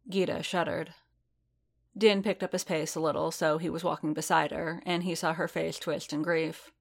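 A woman reading fan fiction aloud in a steady storytelling manner. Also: deep voice, normal speed, gravelly. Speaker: narrator.

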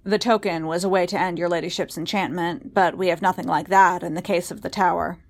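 A woman voicing gruff rough-voiced man. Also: fairly low pitch, steady tone, fairly quick. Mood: grave. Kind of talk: audiobook reading.

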